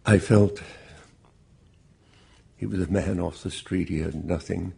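A bereaved father giving personal testimony, speaking in a slow, measured, deeply earnest way with a gravelly, husky voice. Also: steady tone, mellow.

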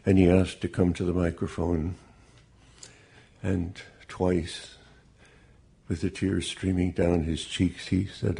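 Deep gravelly man telling slowly. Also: flat delivery, mellow. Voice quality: gravelly, husky. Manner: slow, measured, deeply earnest. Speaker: bereaved father giving testimony. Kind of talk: personal storytelling testimony.

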